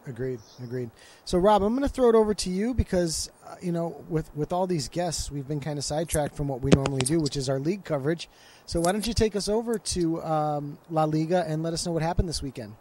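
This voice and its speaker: Male host, slightly higher voice, friendly, steers the show along. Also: quick pace, few pauses, crowd noise. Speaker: podcast host. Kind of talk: casual chat.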